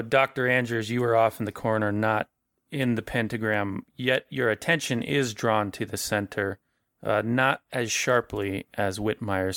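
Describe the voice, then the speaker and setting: A man serves as game master, narrating a horror tabletop game in a relaxed, conversational way and often rephrasing mid-sentence. His voice sits somewhat low, and the recording is dry and close. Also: no room sound.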